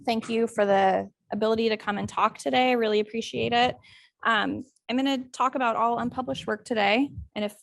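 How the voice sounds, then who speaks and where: A woman begins her academic seminar talk in a friendly, slightly halting way. Her voice has a gravelly edge and sits at a medium pitch. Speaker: invited speaker, assistant professor.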